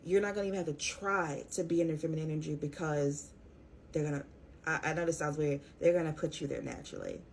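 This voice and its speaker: A young woman telling a personal story to her viewers in a casual, profane, animated way. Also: deep voice, fast talker, creaky, slight background noise. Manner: profane, animated, talks straight to her audience. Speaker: tarot reader.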